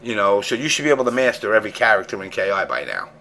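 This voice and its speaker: A man's voice: on the low side, big pitch swings, very fast, bright, forceful tone, slight background noise. A man hosting a casual gaming podcast, ranting emphatically and swearing freely. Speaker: show host.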